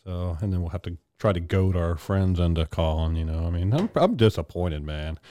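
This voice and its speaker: A man's voice: deep voice, animated, normal speed, dark tone, no room sound. A man co-hosting a podcast, chatting casually with a hesitant, rambling delivery full of fillers. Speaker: podcast co-host. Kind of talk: casual chat.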